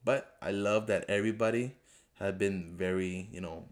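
Man, low voice, hosts his own podcast; rambles unscripted, earnest and repetitive; English as a second language. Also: moderate pace. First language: not English. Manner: rambling, talks off the cuff; earnest, pleading, repeats himself. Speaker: podcast host. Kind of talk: casual solo podcast review.

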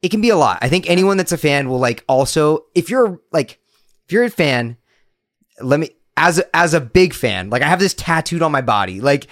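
Young man, casual chat, animated, laughs a lot, lively swings in pitch. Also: moderate pace, no room sound, clean studio sound. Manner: animated, laughs often, breaks into game shouts. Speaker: podcast co-host.

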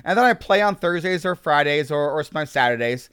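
A man's voice: fairly high pitch, expressive, fast, fairly bright tone, smooth, no room sound, clean studio sound. A man hosting a podcast in casual chat, upbeat and rambling, with lots of fillers and restarts. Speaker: podcast host.

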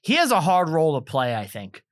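A man's voice: fairly high pitch, wildly swooping pitch, a little fast, no echo, clean studio sound. A man co-hosting a podcast in casual movie-review chat, trading joking quips. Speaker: podcast co-host.

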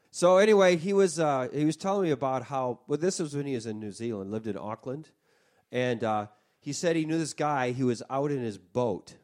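A man's voice: medium pitch, darkish tone. A man casually co-hosting a chat show, telling a rambling story and laughing as he goes. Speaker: podcast co-host.

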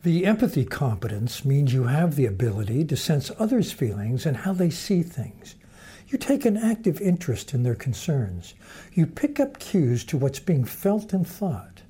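A man gives a calm, explanatory lecture with a mellow, relaxed tone. His voice carries a faint huskiness, and he speaks at a middle pitch. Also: breathy edge. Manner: measured, explanatory. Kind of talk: lecture with storytelling.

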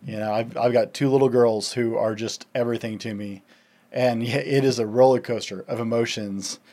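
A man's voice: medium pitch, fairly even intonation, normal speed, warm tone. A man hosting a podcast and responding to his guest in a reassuring, conversational way. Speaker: podcast host.

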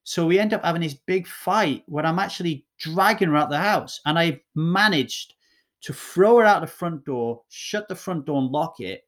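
A man's voice: on the high side, lively intonation, moderate pace, a bit bright. A middle-aged man telling a candid personal story as a guest, talking bluntly and emphatically with swearing and frequent restarts.

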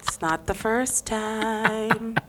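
A woman's voice: fairly high pitch, steady tone, drawn-out words, background noise. A young adult woman co-hosting a podcast, chatting casually with slang and playful asides. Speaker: podcast co-host.

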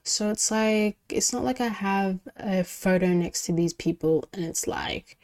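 A young woman telling a storytime on her podcast. Her voice sits at a middle pitch with a soft, mellow tone, and she talks in a loose, chatty way, filling her sentences with "like" and sometimes dropping to a whisper. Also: measured pace. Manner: chatty, heavy use of "like", drops into whispers. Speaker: podcast host. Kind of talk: casual storytime.

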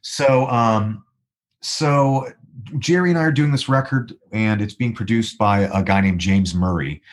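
A man telling a long, rambling anecdote in a relaxed, casual way, full of restarts and quoted dialogue. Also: lowish voice, measured pace. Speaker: guest musician. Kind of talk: casual storytelling.

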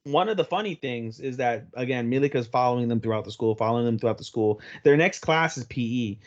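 Young male co-host, crude and swear-heavy recap style, mid-pitched, dull lo-fi mic. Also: expressive. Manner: crude, profanity-heavy retelling with quick put-on voices. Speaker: podcast co-host. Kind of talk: casual chat recapping an episode.

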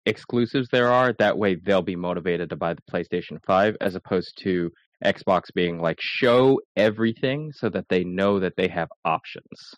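A man co-hosting a casual gaming podcast, thinking out loud as he explains. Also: low voice, moderate pace, hardly any pauses, dry recording. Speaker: podcast co-host.

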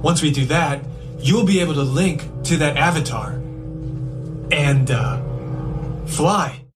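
A calm lab guide who briefs riders in a steady, instructive way, his voice a little raised in pitch. It is a ride audio clip with music clearly playing underneath. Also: slow pace. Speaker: ride attraction narrator. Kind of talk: scripted theme park ride audio.

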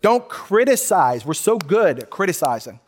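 A man's voice: sits high, big pitch swings, moderate pace, long reverb tail. A man who is a pastor, preaching a sermon in an earnest, conversational way and often restarting his sentences. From United States. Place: church sanctuary.

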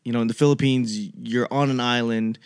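A man's voice: mid-range voice, steady tone, fairly quick, clear, resonant tone. Rambling man telling stories. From Boston, USA. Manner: rambling, self-deprecating, loses his train of thought. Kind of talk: casual comedic monologue.

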